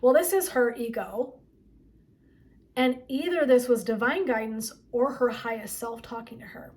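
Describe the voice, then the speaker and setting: A woman's voice: fairly high pitch, measured pace, a little mellow. A woman wellness coach and therapist giving a motivational talk, chatty and emphatic, often asking "right?". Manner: chatty and emphatic, frequent 'like' and 'right?'.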